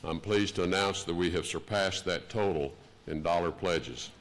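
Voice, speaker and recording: Older male official with a Texan accent, low voice, slow formal conference keynote. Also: fairly bright tone. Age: 60s. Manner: measured, deliberate delivery. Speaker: diplomat giving an opening address. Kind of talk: formal prepared speech. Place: conference hall.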